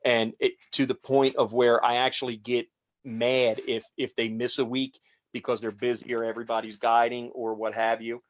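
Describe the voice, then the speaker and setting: A man casually talking through a fly tying demonstration as he works, relaxed and rambling. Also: mid-range voice, moderate pace. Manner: relaxed, rambling, talks while working.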